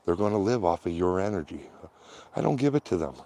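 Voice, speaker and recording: A man vlogging casually while walking outdoors down a quiet street, rambling to his viewers and warm from the walk. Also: sits low, very animated, fast talker.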